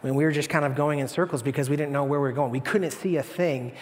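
Brief: man pastor, bright high voice, dramatic sermon delivery, long hall reverb. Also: fast talker, a little hiss or hum. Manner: animated storytelling, dramatic swings from hushed to loud.

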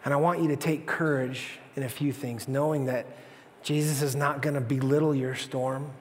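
A male pastor preaching a sermon with animated storytelling, acting out the people in it. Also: mid-range voice, normal speed, in a large hall, a little hiss or hum. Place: church.

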